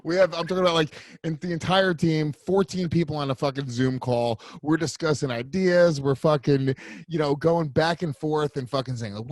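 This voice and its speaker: A man's voice: on the high side, darkish tone, no echo. A man hosting a podcast over a video call, chatting casually with a guest, swearing often and laughing as he talks. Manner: profane, fast-talking, laughing. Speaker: podcast host. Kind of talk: casual chat.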